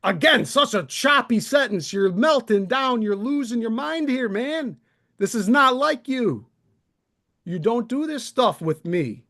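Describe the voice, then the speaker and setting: A man's voice: very high-pitched, lively intonation, a little slow, fairly bright tone. A man hosting a live stream, airing his grievances in a sarcastic, aggrieved rant. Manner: aggrieved, sarcastic, mocking impressions.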